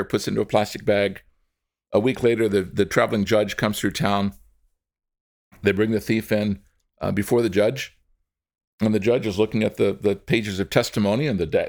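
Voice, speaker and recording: A man telling a dramatic story to an audience, addressing its members directly. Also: lowish voice. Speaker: storyteller, speaker.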